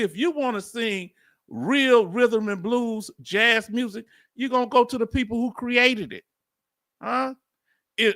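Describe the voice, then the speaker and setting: High, bright Southern man commenting. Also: no echo, clean studio sound. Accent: Southern US, Houston. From Houston, Texas. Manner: animated preacher-like call and response. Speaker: veteran YouTube host. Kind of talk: casual livestream commentary reading chat.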